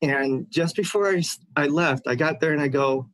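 A man on the line tells a personal story, his voice sitting fairly high for a man. He talks earnestly, stopping and restarting his sentences as he goes. The sound is dry and close, with no room around it. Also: moderate pace, hardly any pauses, a bit bright, no echo, poor audio. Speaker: caller. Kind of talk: personal story told to a radio host.

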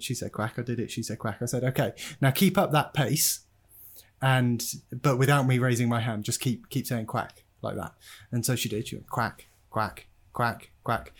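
A man hosting a casual podcast chat, telling stories and laughing often. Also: mid-range voice. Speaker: podcast host.

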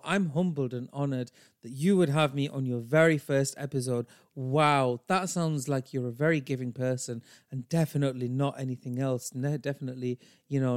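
A man's voice: mid-range voice, darkish tone, clear, resonant tone, no room sound, close to an everyday voice. A man playing a self-adoring drag queen who answers with dry, mock-gracious sarcasm.

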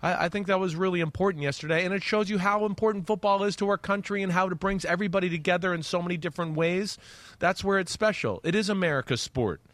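A man's voice: sits high, fast, no room sound. A man co-hosting a sports talk show as a former player, talking loosely and acting out what players think. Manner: animated, loose, acts out players' thoughts.

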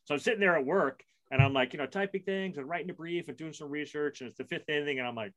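A middle-aged man with a fairly high speaking voice hosts a casual podcast chat. He rambles through his stories and stumbles over restarts. He keeps poking fun at himself as he goes. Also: fast talker, few pauses, fairly bright tone. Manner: rambling, self-deprecating storyteller with frequent restarts. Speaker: podcast co-host.

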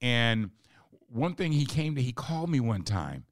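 A man hosting a casual interview, earnestly telling a story and repeating words when excited. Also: medium pitch, a little slow, no room sound, studio quality. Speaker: podcast host, film writer-director.

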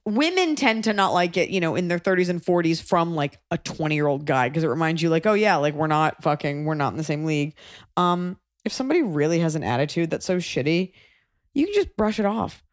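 Podcast host: chatty Texan woman, lowish voice, dry close sound. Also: animated, fairly quick, dry recording. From Texas. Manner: chatty, acts out voices in anecdotes. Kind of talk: casual chat.

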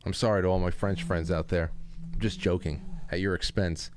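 A man's voice: low-pitched, fairly even intonation, fairly quick, a little hiss or hum. Rambling self-deprecating male host. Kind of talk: casual monologue.

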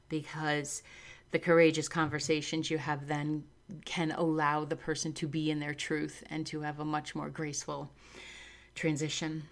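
A middle-aged woman with a fairly low voice gives a reflective spiritual talk. She sounds earnest and open and laughs easily. She leans hard on the words she wants to land. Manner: earnest and warm, laughs easily, lively emphasis. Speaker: spiritual speaker.

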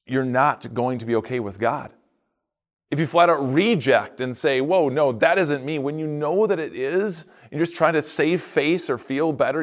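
A middle-aged man as pastor, delivering a sermon with emphatic, rising delivery and dramatic pauses. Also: medium pitch.

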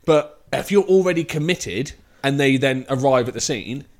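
A man co-hosting a casual podcast chat, joking with quick sweary quips and frequent laughter. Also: medium pitch, lively intonation. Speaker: podcast co-host.

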